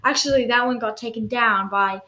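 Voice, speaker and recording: A woman hosting a comedy podcast, rambling and halting with plenty of fillers. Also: on the high side, pushed and bright, echoey room. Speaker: podcast host. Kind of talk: improvised comedy podcast chat.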